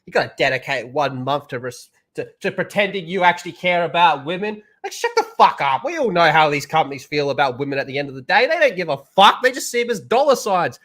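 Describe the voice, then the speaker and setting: High, bright ranting man. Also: big pitch swings, fast talker, few pauses. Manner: profane, blunt ranting. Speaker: streamer commentator. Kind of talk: ranting commentary.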